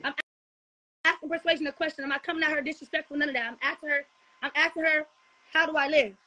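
High bright-voiced woman ranting on a livestream. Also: fairly even intonation, quick pace. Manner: profane, repetitive, defensive. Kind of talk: heated livestream rant.

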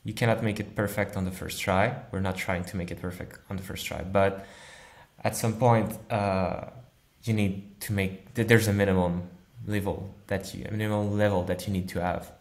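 A man who works as a software engineer answering interview questions in a thoughtful, easygoing way, often laughing. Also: low voice, flat delivery, moderate pace. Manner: thoughtful, laughs easily, uses analogies.

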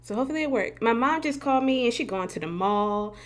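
A woman's voice: fairly high pitch, expressive, fast. Woman streaming a game on a desk mic, chatty and cussing, laughs a lot. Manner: chatty, swears freely, laughs often. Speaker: gaming streamer. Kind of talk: casual live-stream chat. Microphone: desk mic with facecam.

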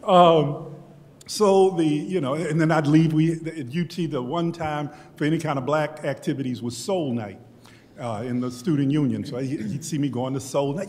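A man's voice: on the high side, moderate pace, a little mellow. A man in his sixties from Texas, telling personal stories on a history panel in a reflective, conversational way, often restarting his sentences. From Beaumont, Texas, US. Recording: long hall reverb.

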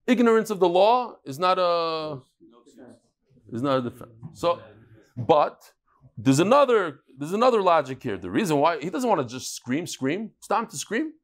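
Animated man teaching a Talmud class. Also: on the high side, moderate pace. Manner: animated storytelling, mixing Yiddish and Hebrew terms into English.

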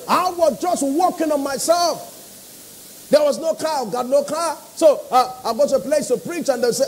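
A man's voice: very high-pitched, a little fast, darkish tone, slight background noise, low-quality recording. A man with a Nigerian English accent preaching a sermon, emphatic and repetitive, calling out to the congregation. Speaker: pastor.

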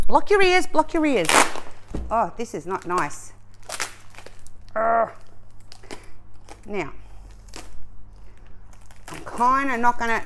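Aussie lady all hyped up opening a parcel at home, chatty and bubbly, mid-pitched voice. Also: a bit bright, a little hiss or hum, rough recording. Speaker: craft channel host. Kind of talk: casual unboxing vlog. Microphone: camera set up a little away.

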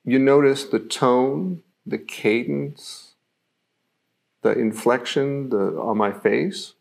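Gravelly-voiced man teaching self-mastery. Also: mid-range voice, takes it slowly, a little mellow. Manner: reflective, explains through everyday examples with frequent fillers. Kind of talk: live-streamed teaching talk.

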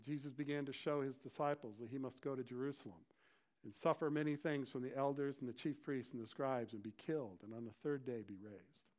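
A middle-aged male pastor preaching a sermon in an animated way, often acting out the voices of crowds and disciples. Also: mid-range voice.

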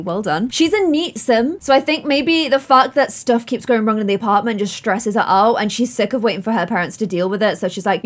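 A young woman giving chatty, casual commentary while playing a life-simulation game, talking to her characters. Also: a little high. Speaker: gaming YouTuber. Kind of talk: casual Let's Play commentary.

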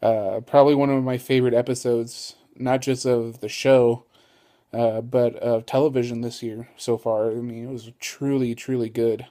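Gushing and excitable, this man rambles easily to camera in a casual vlog, dropping plenty of ums and uhs. His voice is mid-range and his pace moderate.

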